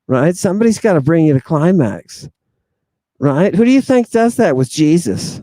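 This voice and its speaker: A man talks in a loose, rambling livestream monologue, reacting to viewer comments with sudden exclamations, rhetorical questions and a mocking edge. His voice sits a little high for a man yet stays mellow and soft-toned. The sound is close and dry, with no room echo. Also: animated, moderate pace. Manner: sardonic and mocking. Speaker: channel host.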